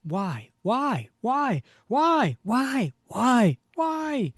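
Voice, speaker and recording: A man's voice: wildly swooping pitch, very slow, dry recording, clean studio sound, full character voice. A man voicing a haunting young male sidekick who accuses his partner, reading comic dialogue aloud. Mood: accusing. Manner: shrill accusing repetition.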